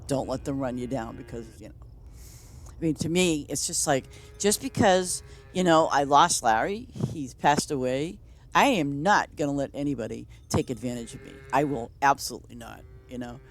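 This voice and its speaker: A woman's voice: very deep voice, normal speed, soft background music. A woman streamer chatting casually while gaming, blunt and rambling, often breaking into laughter.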